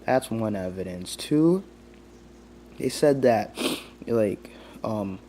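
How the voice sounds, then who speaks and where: A man's voice: fairly low pitch, lively intonation, takes it slowly, mellow, a little hiss or hum. A young man giving a casual, rambling rant, full of "like" and restarts. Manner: rambling, heavy use of "like", many restarts. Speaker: vlogger.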